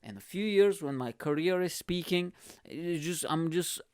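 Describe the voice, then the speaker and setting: Man with a smooth voice, recorded dry and close. He is a profane, rambling comedy podcast host. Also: a little high, normal speed, no echo. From Bulgaria. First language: Bulgarian. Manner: rambling, profane, animated, self-mocking.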